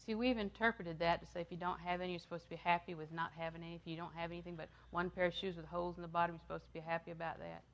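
Older woman, preacher, slightly low voice, repeats phrases, loud then hushed. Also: fairly even intonation, very fast, few pauses. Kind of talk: sermon.

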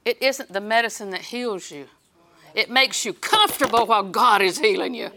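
A middle-aged woman preaching a sermon in an animated way, acting out little scenes and laughing. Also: mid-range voice, moderate pace.

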